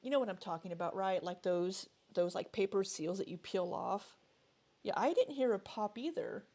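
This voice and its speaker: A woman chatting casually as she reacts to a video she is watching, hesitant and quick to laugh. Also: medium pitch, animated, warm tone. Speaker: reaction vlogger.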